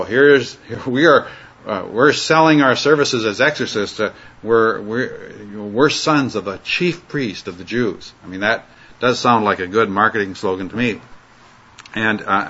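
A man's voice: medium pitch, bright, forceful tone, breathy edge. A man teaching an informal Bible study lecture, talking conversationally with frequent fillers and restarts. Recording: dull lo-fi recording.

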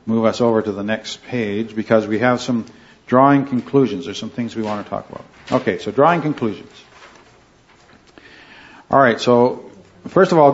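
Earnest man teaching a Bible class. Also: mid-range voice. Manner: earnest, checks in with "right?" and "okay". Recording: dull lo-fi recording.

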